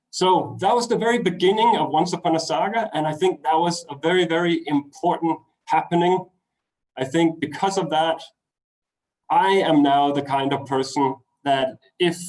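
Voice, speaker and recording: Poor audio from a webinar computer mic carries a fairly high male voice with a Danish accent. The man, from Denmark, tells an animated travel story in a web talk, acting out the voices of people in it.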